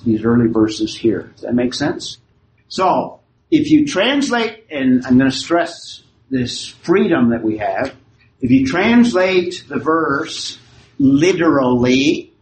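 Man, Bible study teacher, unhurried, faint background hum. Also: mid-range voice. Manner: often checks the class understands. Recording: echoey room.

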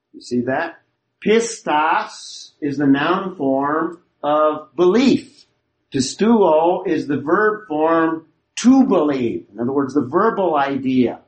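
Higher-voiced man teaching a Bible class. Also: poor audio. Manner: explanatory, poses rhetorical questions to the class.

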